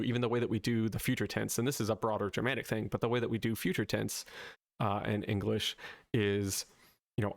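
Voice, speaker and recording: A man's voice: lowish voice, gravelly, no room sound, studio quality. A man from the southern United States with a light Southern accent, hosting a casual linguistics explainer and often checking in with "right?". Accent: light Southern American. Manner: conversational, checks in with "right?" after points. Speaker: linguistics video host.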